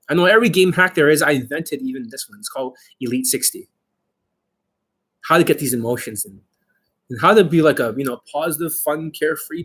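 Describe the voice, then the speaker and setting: A man's voice: on the high side, fairly bright tone, slightly rough. A man working as a dating coach, talking to the camera in a boastful way and swearing a lot. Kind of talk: profane talk to camera.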